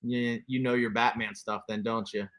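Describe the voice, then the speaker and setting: A man's voice: mid-range voice, flat delivery, moderate pace, a bit bright. Chatty man in his forties. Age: 40s. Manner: chatty, laughs often, reads chat aloud. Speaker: toy collector livestream host. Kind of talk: casual livestream chat.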